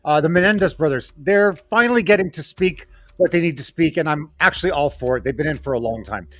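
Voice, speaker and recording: A man on a comedy panel giving blunt, relaxed opinions one after another. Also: a little high, fast talker, dry recording. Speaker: panel guest. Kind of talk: casual comedic hot takes.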